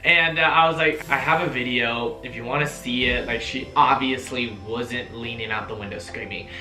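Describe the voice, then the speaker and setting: A young man telling a story-time vlog in a chatty, animated way, full of fillers and swearing. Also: mid-range voice, moderate pace. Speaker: vlogger. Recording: roomy echo, faint music.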